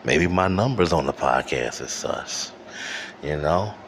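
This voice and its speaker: Deep-voiced man ranting slowly on his podcast. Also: lively intonation. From Detroit, USA. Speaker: podcast host. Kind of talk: solo ranting monologue. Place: home room with air conditioner running. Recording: faint air conditioner hum. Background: faint air conditioner hum.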